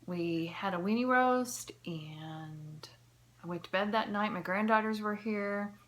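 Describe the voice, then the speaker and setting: A woman's voice: mid-range voice, measured pace, a bit bright. A woman in her fifties telling a personal story to camera in an earnest, heartfelt way, sometimes dropping to a near whisper. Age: 50s. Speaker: vlogger.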